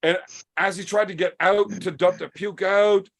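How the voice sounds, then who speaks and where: A man hosting a podcast, telling a story in a casual, profane and animated way. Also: sits high, normal speed, vocal fry. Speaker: podcast host.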